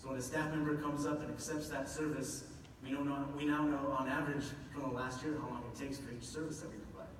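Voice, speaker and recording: A man's voice: medium pitch, fairly even intonation, fast talker, slight background noise. A man giving an earnest, explanatory public talk about his office's work, with a few self-deprecating asides. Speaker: public speaker from a government office. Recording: echoey hall from far off.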